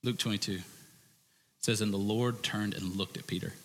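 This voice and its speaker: A male pastor preaching an animated sermon, acting out quoted voices and swinging between loud and hushed passages. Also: fairly low pitch, moderate pace, long reverb tail, a little hiss or hum.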